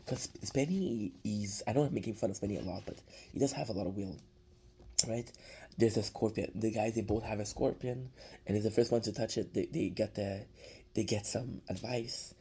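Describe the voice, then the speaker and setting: A man's voice: lowish voice, moderate pace, warm tone, breathy edge. A young man, rambling through a casual episode recap with lots of restarts. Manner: rambling, many restarts and fillers. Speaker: show reviewer.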